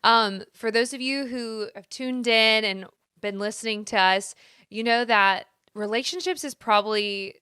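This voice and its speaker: A woman's voice: on the high side, unhurried, bright, forceful tone, clean tone, no echo, clean studio sound. A woman co-hosting a podcast in casual chat, talking in a chatty, sing-songy way from a spare room at home. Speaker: podcast co-host.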